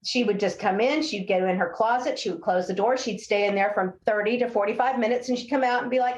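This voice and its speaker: A woman's voice: medium pitch, fast, few pauses, highs cut off. A woman, a speech-language pathologist, chatting as an interview guest and telling stories, often acting out what children and parents say. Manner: animated storyteller, acts out quotes of kids and parents. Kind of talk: casual interview conversation. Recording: echoey room.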